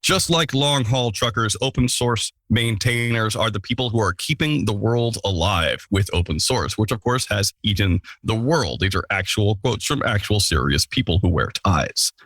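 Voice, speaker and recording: A man's voice: on the low side, animated, moderate pace, hardly any pauses, fairly bright tone, dry recording. A man hosting a casual podcast, introducing the episode and guests with playful, self-mocking asides. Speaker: podcast host.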